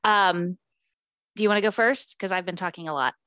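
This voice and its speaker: A woman's voice: on the low side, brisk, pushed and bright, no echo. A woman co-hosting a casual podcast, talking chattily with lots of ums and likes. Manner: chatty, uses fillers like um and like. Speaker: podcast co-host. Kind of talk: casual chat.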